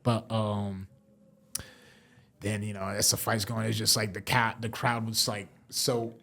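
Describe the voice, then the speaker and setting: A man's voice: fairly low pitch, flat delivery, unhurried, vocal fry, bright, forceful tone. A young man in casual podcast chat, telling a story with lots of laughing, swearing and filler words. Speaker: podcast host and fighter.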